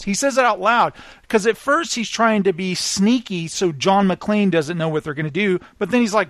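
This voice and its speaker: A man with a notably high voice talks casually about a favorite movie, acting out bits of dialogue in his retelling. The sound is close and dry, with no room echo. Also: a little fast, few pauses. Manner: animated storyteller, acts out film lines.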